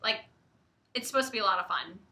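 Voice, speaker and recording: Bubbly young woman chatting w/ lots of likes, bright voice in an echoey room. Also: medium pitch, quick pace, slight background noise. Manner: chatty, giggly, many likes and ums. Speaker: publisher livestream co-host. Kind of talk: casual chat.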